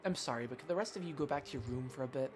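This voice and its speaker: A man's voice: mid-range voice, racing, background noise, natural voice. A man reading the lines of a stern mother who scolds her daughter curtly. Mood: scolding. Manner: curt and scolding.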